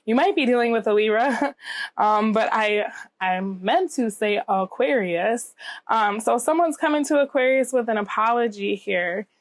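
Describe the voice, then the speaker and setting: Still recovering from a cold, this tarot reader sounds slightly nasal and scratchy as she gives a relaxed reading to camera. Her mid-range voice is comforting, and she keeps asking "okay?".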